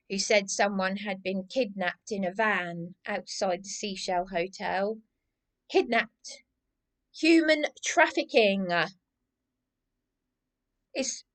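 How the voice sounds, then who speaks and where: A woman's voice: medium pitch, a bit bright. An agitated woman, vlogging in a rambling personal monologue that keeps circling back and restarting. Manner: agitated, repetitive, restarts often.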